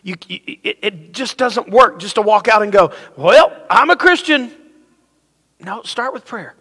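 In a church sanctuary full of long hall reverb, a middle-aged pastor with a drawl gives a light, joking sermon and trades call-and-response with the congregation. He speaks at a moderate pace in a high voice with a sharp tone and a breathy edge.

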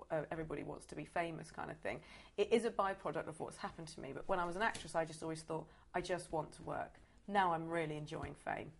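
A woman's voice: deep voice, vocal fry. A woman in her forties with a West Country accent, chatting in an interview, theatrical and self-mocking. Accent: West Country English. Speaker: interview guest. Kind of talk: casual interview chat.

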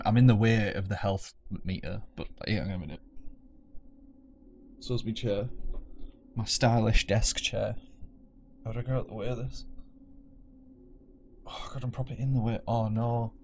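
A man's voice: lowish voice, fairly even intonation, unhurried, long pauses, darkish tone, slight background noise. A man playing a game at his home desk, joking, swearing and mocking himself as he plays. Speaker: let's play gamer. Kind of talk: casual gameplay commentary.

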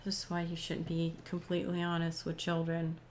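A woman's voice: lowish voice, completely flat delivery, a little fast, a little hiss or hum. A woman commenting casually on a story game as she plays, blunt and swearing freely, and talking to her pet in between. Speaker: let's play gamer.

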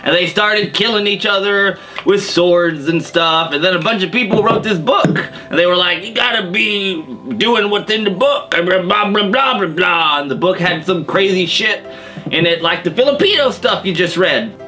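A man's voice: sits high, normal speed, pushed and bright, soft background music. Tipsy man rambling mock history. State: drinking wine, getting tipsy. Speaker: comedic history show host. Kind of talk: deadpan comedic monologue.

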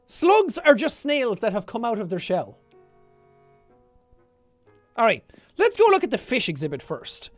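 A man streaming a game and chattering through it, his pitch bouncing all over the place. He jokes, swears and mutters to himself between louder outbursts. Faint game music sits underneath. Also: a little slow, long pauses. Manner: animated, jokey, swearing, talks to himself. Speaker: gaming streamer. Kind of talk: let's play commentary.

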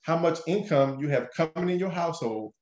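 A man, a mortgage lender hosting a radio show, explaining loans step by step in an energetic, conversational way, often checking in with "right?". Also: on the high side, a little fast, reverberant. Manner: energetic, explains things step by step, keeps tagging lines with "right?".

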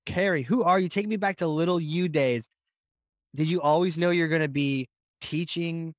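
A man's voice: on the high side, no room sound, clean studio sound. A man hosting a podcast, asking questions in an easygoing, jokey way. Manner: easygoing, jokey, laughs along. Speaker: podcast host. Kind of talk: casual podcast interview.

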